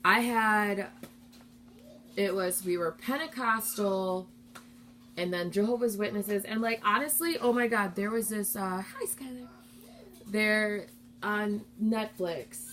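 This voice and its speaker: A woman's voice: mid-range voice, slow, fairly bright tone. A young adult woman talks straight to her live-stream viewers in a loose, rambling way. She is candid and heartfelt, casual and unguarded as she goes.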